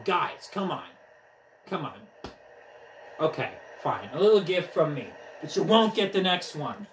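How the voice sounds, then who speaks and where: A young man giving casual commentary on a motion game he is playing, excitable and trash-talking, out of breath as he swings a controller. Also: high voice, a little slow, slight background noise. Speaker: gaming vlogger. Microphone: camera mic from a few steps away. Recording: echoey room, distant from mic.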